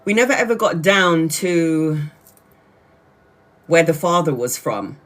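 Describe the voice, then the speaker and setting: A woman's voice: deep voice, measured pace, a bit bright. A chatty woman from Brazil hosts a casual livestream. She laughs often and keeps restarting her sentences as she talks. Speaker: tarot reader livestream host.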